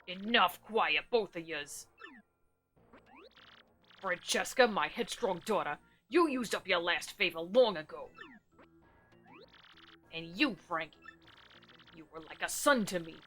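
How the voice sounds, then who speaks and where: A woman voicing a gruff old male mafia boss in a game, with a put-on gangster drawl and a clipped, bossy manner. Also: fairly low pitch, expressive, slow, pauses often, fairly bright tone, faint music behind.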